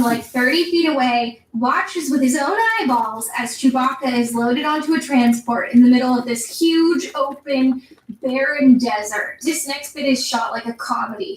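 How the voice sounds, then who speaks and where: A high-voiced woman talks through a film critique in a wry, sarcastic way and laughs at her own jokes. She sits back from the mic in a roomy space, so her voice echoes. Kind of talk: casual film critique commentary. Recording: roomy sound from a distance.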